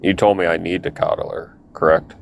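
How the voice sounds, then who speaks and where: A man's voice: low-pitched, fairly even intonation, brisk, vocal fry. A man on a livestream panel who asks questions hesitantly, with plenty of ums and restarts.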